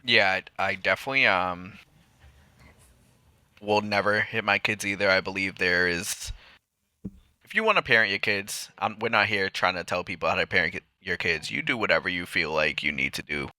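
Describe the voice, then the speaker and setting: A man's voice: low voice, normal speed, smooth, dry recording. A man co-hosting a parenting podcast, talking casually and rambling as he tells stories about his family. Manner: relaxed, rambling, acts out his family in quotes. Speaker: podcast co-host. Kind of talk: casual chat.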